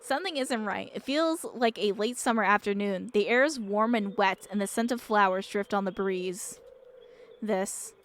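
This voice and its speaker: A young woman streaming, reading a visual novel aloud and reacting with excited laughs and exclamations. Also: mid-range voice, moderate pace.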